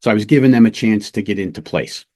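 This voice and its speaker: A middle-aged man, a police lieutenant, teaching undercover work through a casual, lively anecdote told with small restarts. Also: fairly low pitch, fast talker. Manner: lively anecdotes, acts out quoted voices, fillers and restarts. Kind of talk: casual storytelling lesson.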